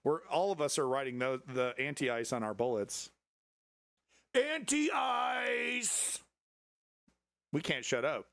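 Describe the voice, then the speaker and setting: A man hosting a live stream, reacting to clips with sarcastic, profane commentary and now and then breaking into shrill mocking voices. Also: moderate pace, hardly any pauses, fairly bright tone, no room sound, clean studio sound. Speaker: livestream host.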